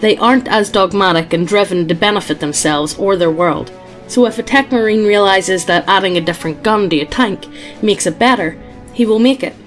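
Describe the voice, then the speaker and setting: A woman's voice: mid-range voice, fairly quick, soft background music. A woman co-hosting a podcast, reading fan posts aloud in a dry, matter-of-fact way. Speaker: podcast co-host.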